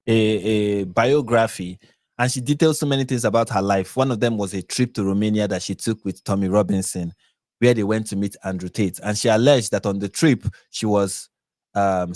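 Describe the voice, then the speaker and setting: A man's voice: fairly low pitch, darkish tone, no echo, clean studio sound. Chatty Nigerian man hosting a live stream. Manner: chatty, laughs often, restarts and corrects himself. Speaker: live-stream host reacting to videos. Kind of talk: casual live-stream commentary.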